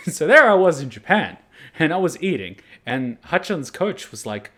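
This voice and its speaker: A man's voice: medium pitch, moderate pace. Chatty man reacting to anime. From Australia. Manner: chatty, animated storytelling with jokey asides. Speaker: anime reaction channel host. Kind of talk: casual reaction commentary.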